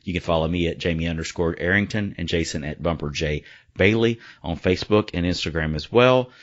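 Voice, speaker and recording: Deep-voiced man hosting a podcast. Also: fairly quick. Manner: chatty, joking, upbeat plugs. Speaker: podcast host. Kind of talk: casual sports podcast chat. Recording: slightly dull lo-fi sound.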